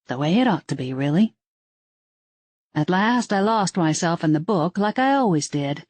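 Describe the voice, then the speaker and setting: A woman's voice: on the low side, a little mellow, dry recording. A woman narrating a first-person audiobook in a wry storytelling manner.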